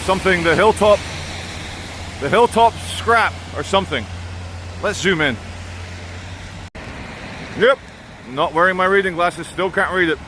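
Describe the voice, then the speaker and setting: His voice sits high, a little slow, with long pauses: a Brazilian vlogger raised in Britain, casually walking through a town. He talks in a chatty, rambling, opinionated manner and self-corrects, against outdoor street noise.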